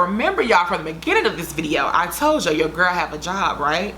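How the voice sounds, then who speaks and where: A woman's voice: lowish voice, sing-song, brisk, hardly any pauses, sharp tone, slight background noise. A young woman vlogger telling a story to her viewers in a chatty, dramatic way. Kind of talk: casual storytime vlog.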